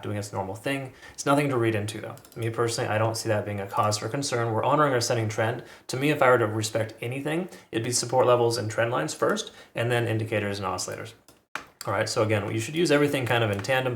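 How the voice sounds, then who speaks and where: A man's voice: on the low side, echoey room. A man giving casual, rambling commentary as he walks through crypto price charts, with frequent restarts and asides. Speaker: crypto market analyst.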